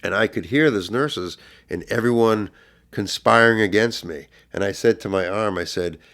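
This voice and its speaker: A middle-aged man, a podcast guest, earnestly retelling a personal story, his voice swelling louder at intense moments. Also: fairly low pitch, normal speed, gravelly.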